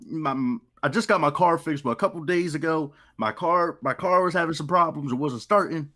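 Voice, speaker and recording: A man's voice: fairly high pitch, moderate pace, bright, forceful tone. A young man co-hosting a live sports talk stream, joking and ranting in casual banter. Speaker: co-host.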